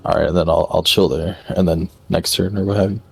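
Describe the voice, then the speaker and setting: A man's voice: sits low, steady tone, fairly quick, vocal fry, slightly rough, faint music behind. A man playing a tabletop game, talking hesitantly as he decides his moves. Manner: hesitant, full of ums and restarts. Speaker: player. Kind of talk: casual tabletop game play.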